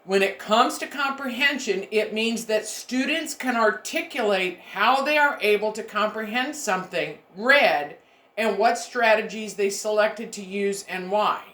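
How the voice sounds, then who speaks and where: A middle-aged woman records a lecture for her university students. She talks to them directly and emphatically, coming back to her key points, at a mid pitch. The room around her sounds echoey. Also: unhurried, a bit bright. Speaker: university education instructor.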